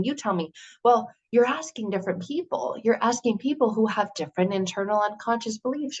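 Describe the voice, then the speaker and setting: An earnest woman delivers a motivational talk in a mid-pitched voice, firing off rhetorical questions with lively energy. The recording sounds a little dull and lo-fi. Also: slightly rough. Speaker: motivational speaker.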